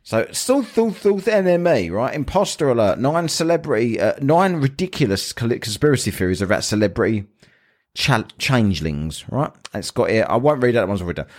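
A man's voice: medium pitch, big pitch swings, fairly quick, a little mellow. A man hosting a casual podcast chat, joking, rambling and laughing often. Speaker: podcast host.

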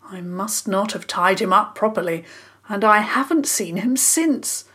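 A woman's voice: medium pitch, expressive, a little slow, pushed and bright, husky, full character voice. A woman voicing a flustered, guilty middle-aged man who splutters and sighs as he confesses, in a children's story. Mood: guilt-ridden. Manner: spluttering, apologetic, sighing.

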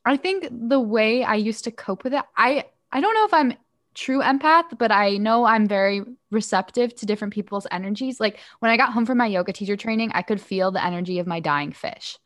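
A woman hosting a relaxed podcast conversation, nudging her guest along with soft "mm-hmm"s and friendly questions. Her voice sits slightly high for a woman. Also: a little fast. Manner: encouraging listener, frequent "mm-hmm". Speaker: podcast host.

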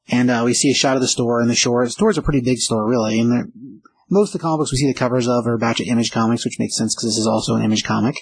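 In a rough recording with no echo, a man gives a casual, rambling spoken recap of a comic book, lightly acting out the characters' lines and saying "like" and "uh" often. His voice is husky and steady, medium-pitched, and fast.

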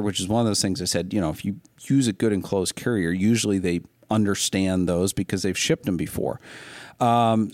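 Man, low voice, podcast host, rambling casual chat, dry sound. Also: no room sound. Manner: rambling, many fillers and restarts, storytelling.

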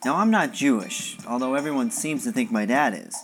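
A film director speaking quickly and plainly in a behind-the-scenes interview clip. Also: male voice, medium pitch, lively intonation, fairly bright tone, a little hiss or hum.

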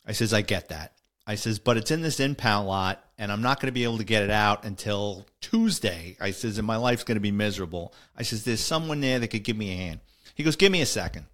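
A man's voice: on the low side, fairly bright tone. Middle-aged New man telling stories. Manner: conversational, voices the people in his story. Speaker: retired police officer telling a story. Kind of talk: casual storytelling monologue.

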